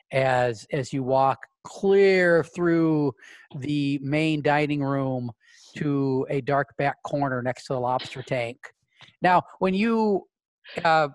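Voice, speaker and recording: A man's voice: fairly high pitch, no room sound. A man narrating a tabletop role-play game as game master, rambling with repeated words and casual swearing.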